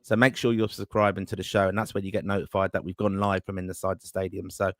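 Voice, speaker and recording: A man's voice: sits low, little pitch movement, quick pace, no room sound, studio quality. A man hosting a live fan podcast over a video call, upbeat and optimistic, mixing chat with plugs for the show. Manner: upbeat, self-styled optimist, promotional patter. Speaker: podcast host.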